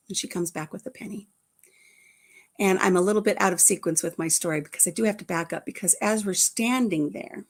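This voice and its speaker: An older woman and grandmother chatting casually to her viewers, telling a family story in a rambling way with frequent restarts. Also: lowish voice. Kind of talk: casual chat.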